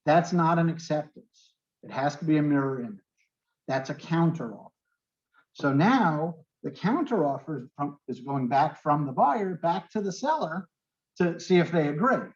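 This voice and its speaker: A man with a New York accent leads a real estate lesson and walks his students through terms with simple everyday examples, checking in with them as he goes. His voice sits a little high, and the recording sounds muffled and lo-fi. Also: expressive, moderate pace. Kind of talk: online class lecture.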